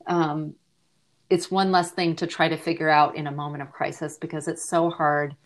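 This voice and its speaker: A woman's voice: sits low, little pitch movement, normal speed. A middle-aged woman speaking as an interview guest, earnest and reflective as she shares a personal story, her voice dropping at times to a near-whisper. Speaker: podcast guest, grief advocate.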